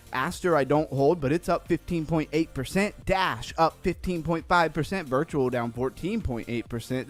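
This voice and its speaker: A man hosting a casual crypto livestream, upbeat and rambling, a little out of breath after cardio. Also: fairly high pitch. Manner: upbeat, reads chat names aloud, rambling. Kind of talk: casual live-stream chat.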